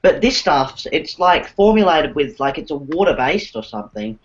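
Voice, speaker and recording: A man's voice: a little high, expressive, normal speed, crowd noise. A man co-hosting a casual podcast, explaining things with lots of "like" as filler. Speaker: podcast co-host. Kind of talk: casual chat. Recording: dull lo-fi audio.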